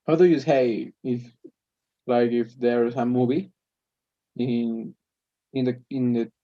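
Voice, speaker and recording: A man learning English, practicing polite requests and often pausing to search for words. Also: medium pitch, fairly even intonation, dull audio. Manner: hesitant, restarts, searches for words. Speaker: English student.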